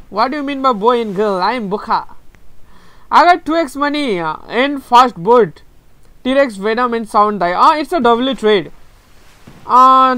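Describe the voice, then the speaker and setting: A young man from Nepal with a Nepali accent, live-streaming a game and chatting with viewers, laughing often and breaking into excited yelling. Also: very high voice, clear, resonant tone, no echo. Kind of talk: live gaming stream, reading chat.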